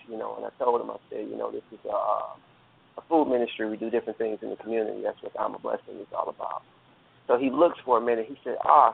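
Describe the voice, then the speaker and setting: Gravelly man telling a story by phone. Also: lowish voice, phone-quality sound. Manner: earnest, rambling with many fillers and restarts. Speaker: guest telling a personal story. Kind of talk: casual storytelling.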